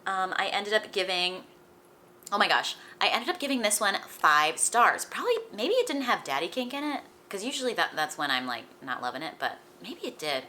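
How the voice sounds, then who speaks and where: A woman's voice: mid-range voice, sing-song, moderate pace, pushed and bright, slight background noise. A young woman who is feeling sick, chatting casually about books as a vlogger, full of "like" and light laughs. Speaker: book vlogger. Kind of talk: casual chat.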